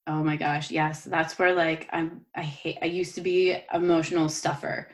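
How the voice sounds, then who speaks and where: Low-voiced, earnest woman host. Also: level tone, normal speed. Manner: earnest, encouraging, conversational. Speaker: podcast host and yoga teacher. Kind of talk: casual conversation.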